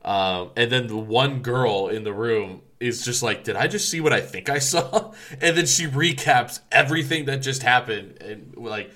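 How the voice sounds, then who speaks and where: A man co-hosting a casual podcast chat, recapping scenes with frequent laughter. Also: mid-range voice. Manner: laughs often, animated recapping. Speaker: podcast co-host. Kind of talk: casual chat about a manga.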